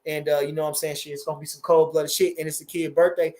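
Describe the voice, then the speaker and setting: A fast-talking man in his forties, a boxing trainer and livestream host, chats loosely while answering viewer comments. His voice runs fairly high, and his delivery is animated and full of swearing, with phrases repeated as he backtracks.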